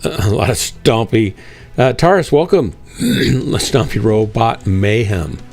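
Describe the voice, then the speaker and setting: A man's voice: on the low side, animated, slow pace, a little mellow, soft background music. A man hosting a live game stream, chatting casually and self-deprecatingly with viewers while he plays.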